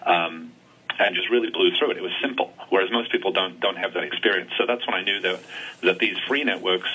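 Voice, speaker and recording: A man who is a software engineer, calling in to a radio interview and explaining quickly with some restarts. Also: low-pitched, husky. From Australia and England. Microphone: telephone. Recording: tinny phone line.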